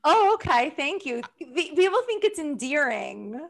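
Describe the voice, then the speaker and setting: A woman's voice: high-pitched, very animated, measured pace, gravelly. A woman with a thick New York accent, telling stories bluntly and wryly in a casual chat. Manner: storytelling, blunt, wry. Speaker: guest.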